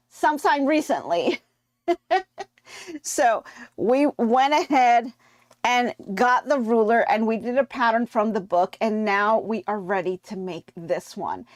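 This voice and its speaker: A woman's voice: a little high, dry recording. A woman hosting a live quilting tutorial, chatting casually and answering viewer comments as she goes. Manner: relaxed with frequent fillers. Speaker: quilting show host. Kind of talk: live-stream sewing tutorial.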